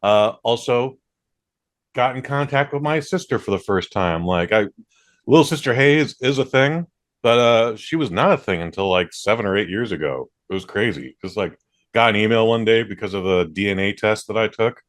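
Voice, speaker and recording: A man's voice: fairly low pitch, normal speed. A man hosting a podcast, talking in a laid-back way, full of "like" and "dude" and free with swearing. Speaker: podcast host. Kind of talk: casual chat.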